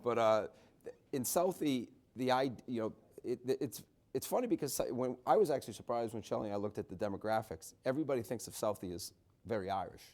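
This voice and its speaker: A man's voice: mid-range voice, expressive, quick pace, darkish tone. A middle-aged man from the Boston area, an author speaking at a book talk in a chatty, storytelling way with many restarts and wry asides. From Boston area, USA. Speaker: author and journalist.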